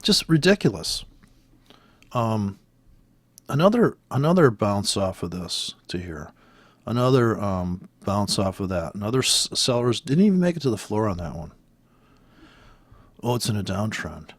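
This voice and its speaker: A man's voice: fairly low pitch, big pitch swings, unhurried, long pauses, no echo. A man giving profane, sarcastic, exasperated commentary on trading charts while scrolling through them. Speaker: trader commenting on price charts.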